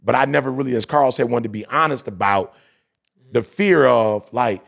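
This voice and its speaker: A man's voice: medium pitch, moderate pace, vocal fry. A man, hosting a podcast and telling a personal story in casual, slangy talk. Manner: storytelling, animated, slangy, quotes others. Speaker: podcast host.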